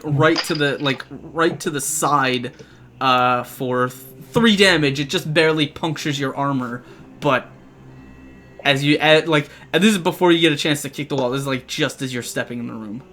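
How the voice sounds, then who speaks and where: A man's voice: a little high, moderate pace, sharp tone. A man narrating as game master, hesitant, with many restarts and fillers.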